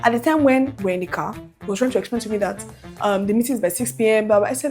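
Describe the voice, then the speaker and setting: Speaking a little fast in a voice on the high side, a young woman vlogger tells her viewers a casual personal story with plenty of animation. She acts out the quoted voices, and faint music plays behind her.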